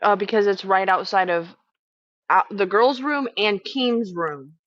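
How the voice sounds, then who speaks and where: A woman who works as a camp medic, retelling a clash in casual chat, swearing freely and talking fast when heated. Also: medium pitch, fairly bright tone, muffled recording. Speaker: house medic at a streamed camp.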